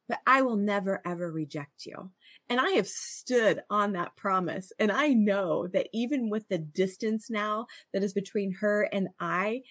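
A woman's voice: medium pitch, no room sound. Middle-aged woman, earnest co-host, stammering restarts, dry close mic. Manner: earnest, frequent restarts and stammers, laughs often. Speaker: podcast co-host. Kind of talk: reflective conversational talk.

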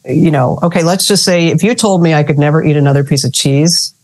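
A woman's voice: deep voice, brisk, a little mellow. A woman hosting a casual interview, chatty and relatable, with self-deprecating humor. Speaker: podcast host.

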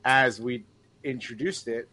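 A man's voice: mid-range voice, unhurried, bright, forceful tone, no echo. A young man co-hosting a casual podcast and running a trivia segment, upbeat and rambling with restarts. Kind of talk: casual chat, quizmaster.

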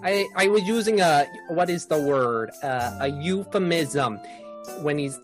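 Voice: medium pitch, lively intonation, measured pace, over music, close to an everyday voice. A game master voicing a male fisherman villager who drawls, rambles and loses his train of thought in a tabletop game. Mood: folksy.

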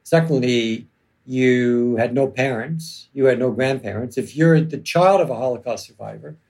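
A man, an author and lawyer, speaking reflectively in an interview with many pauses and ums. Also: medium pitch, darkish tone. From Canada. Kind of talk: conversational interview.

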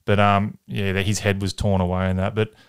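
A man co-hosting a casual podcast, rattling off a grim story at speed with loose, joking asides. His voice sits a little low and comes across clean and smooth. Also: level tone, brisk. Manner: rambling, jokey retelling with acted quotes. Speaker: podcast co-host.

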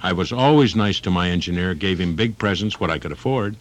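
A man's voice: sits low, brisk. An older man, a comedian, rambling and improvising on a talk radio show, slipping into bits with lots of ums. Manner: rambling, jumps into characters, frequent ums. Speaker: comedian guest.

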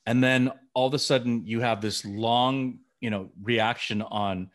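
A middle-aged man co-hosts a podcast in a casual, chatty way. He tells his stories with animation and keeps jumping in to act out the scenes. His voice sits at an ordinary pitch for a man. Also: unhurried. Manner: animated storytelling, acting out scenes. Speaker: podcast co-host. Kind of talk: casual chat.

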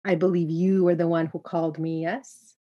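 Brief: a woman doing a coy, unhurried male spirit of the crossroads, low and even, storybook. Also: dull audio, lightly acted. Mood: sly. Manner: slow, coy, teasing. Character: mysterious male crossroads spirit, sly and wise.

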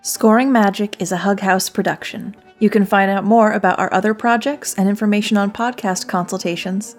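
A woman hosting a podcast, reading a chatty, self-deprecating segment. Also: mid-range voice. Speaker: podcast host. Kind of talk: scripted podcast narration.

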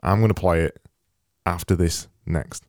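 Low-voiced chatty man, dry sound. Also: fairly even intonation, measured pace, no echo. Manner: chatty, teasing, repeats words. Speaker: podcast host. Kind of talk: casual chat.

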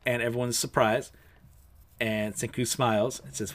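A man's voice: medium pitch, level tone, normal speed. A man with a lisp giving a chatty, casual recap of an anime episode, reading out the characters' lines and laughing at himself. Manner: chatty, self-deprecating, laughs between lines.

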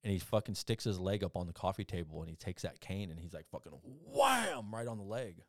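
Talking fast in a low, darkish voice, this podcast guest rambles through casual stories, cursing a lot and restarting often. He plays the people he quotes, his voice jumping widely. The recording is dry and of studio quality.

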